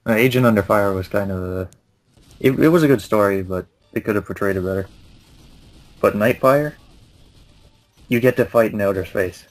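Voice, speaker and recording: A man's voice: on the low side, moderate pace, long pauses. A man chatting casually about games with a friend, laid-back with short dry replies and chuckles. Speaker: co-host of a gaming channel. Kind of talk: casual ranting chat with a friend.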